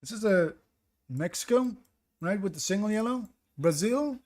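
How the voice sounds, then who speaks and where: Streaming a geography guessing game, a man with a fairly high voice reasons aloud and doubts his own picks. He's animated, speaks at a normal speed, and chats casually with viewers between guesses.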